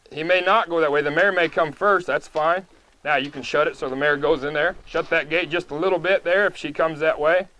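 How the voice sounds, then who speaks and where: A man with a fairly high voice walks through a horse-training demo outdoors. He talks calmly and patiently, explaining each small step in a plain, unhurried way. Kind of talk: live training demonstration.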